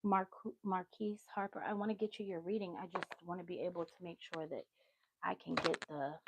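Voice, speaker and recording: A woman's voice: on the low side, steady tone, a little fast, a little hiss or hum, low-quality recording. A woman giving a casual tarot reading on a livestream, chatty and easily sidetracked, with motherly asides. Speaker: tarot reader.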